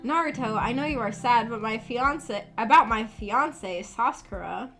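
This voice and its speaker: A woman's voice: on the high side, measured pace, bright, forceful tone, soft background music. A woman reading as an apologetic male teacher. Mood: earnest.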